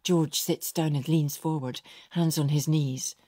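Slow husky woman narrating. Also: low voice, steady tone, warm tone, no echo, clean studio sound. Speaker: audiobook narrator. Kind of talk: scripted narration.

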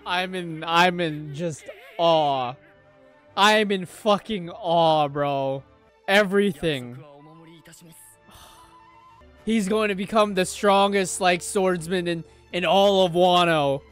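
A young man delivers live reaction commentary on an anime, swearing freely and erupting into excited shouts. Between outbursts he talks slowly and lingers on his words. Faint soundtrack music plays underneath his voice. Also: high-pitched, clear, resonant tone.

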